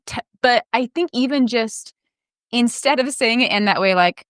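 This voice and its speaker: A woman's voice: a little high, measured pace, fairly bright tone, clear, resonant tone, dry recording, clean studio sound. A woman hosting a podcast, reflective and conversational with her guest. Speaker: podcast host. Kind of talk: podcast interview chat.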